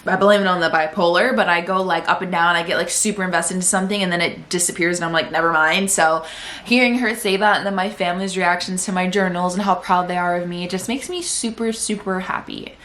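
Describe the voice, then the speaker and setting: A woman's voice: fairly low pitch, steady tone, quick pace, fairly bright tone. A young woman vlogging casually at home about her day, chatty and emotional, saying "like" a lot. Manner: chatty and emotional, heavy use of "like". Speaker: vlogger and podcaster. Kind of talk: casual day-in-my-life vlog talk.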